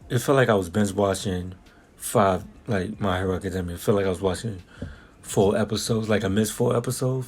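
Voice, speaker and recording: A young man with a lowish voice talks through a film review in a loose, rambling way, piling on slang and restarting his sentences. Faint background noise hums under him. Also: vocal fry, a little mellow. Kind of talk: casual spoken review.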